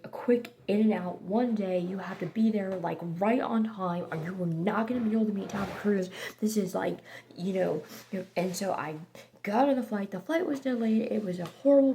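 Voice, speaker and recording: A chatty woman in a casual storytime, her voice slipping between hushed asides and loud bursts. Her tone has a gravelly, fry-tinged edge, and a faint hiss of noise sits behind her. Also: medium pitch. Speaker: vlogger telling a story.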